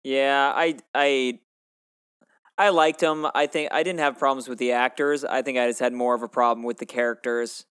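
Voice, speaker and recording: A man joins a casual podcast conversation about a movie, his voice smooth and clean. He speaks in a laid-back way, letting his thoughts trail off as he goes. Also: mid-range voice, steady tone, a little fast, hardly any pauses, fairly bright tone. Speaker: podcast co-host.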